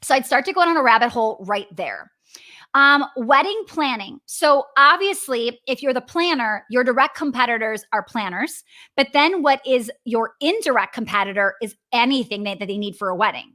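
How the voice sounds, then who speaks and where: Wisconsin-accented woman, business coach host; high, bright, chatty and upbeat, checking in with her audience. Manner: chatty, upbeat, peppers talk with "right?" and "okay?". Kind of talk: live coaching session answering viewers.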